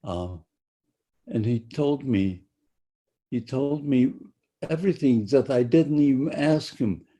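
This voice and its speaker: An older man speaks slowly in a husky, mellow voice as he gives his testimony to students. He often halts, repeats himself and restarts his phrases. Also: medium pitch. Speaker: Holocaust survivor speaker.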